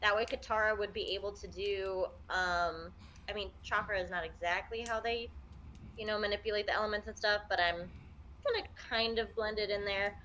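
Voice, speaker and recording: Chatty female panelist with a bright voice, relaxed and rambling. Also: medium pitch, normal speed, a little hiss or hum. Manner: chatty, with fillers and hedges. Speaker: podcast panelist. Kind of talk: casual chat.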